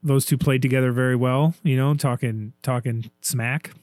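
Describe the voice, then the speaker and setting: A man's voice: medium pitch, steady tone, moderate pace, darkish tone, no echo, clean studio sound. A man chatting casually as co-host, enthusiastic and acting out quoted lines from scenes. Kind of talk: casual chat.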